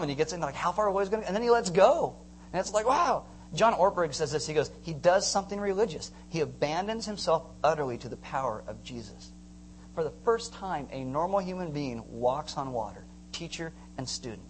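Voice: mid-range voice, brisk, a little hiss or hum, low-quality recording. A pastor giving a casual, conversational sermon, retelling stories with humor and acting out voices. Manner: animated storytelling, acts out voices with humor.

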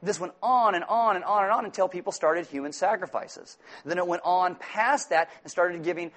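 A man preaching a sermon as pastor, telling stories in a lively, self-mocking way with asides to the congregation. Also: high-pitched, moderate pace.

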